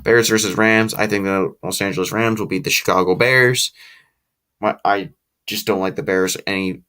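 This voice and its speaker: A man's voice: deep voice, sharp tone. A young man hosting a late-night live chat with viewers, talking casually and rambling with restarts and opinionated asides, sleepy and yawning. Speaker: livestream host.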